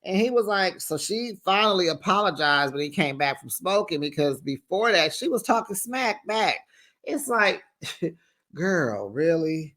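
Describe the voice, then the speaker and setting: Recap vlogger: sassy, teasing, animated, lively swings in pitch, talks straight to viewers. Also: a little slow. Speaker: reality TV recap host. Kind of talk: casual reality-show recap commentary.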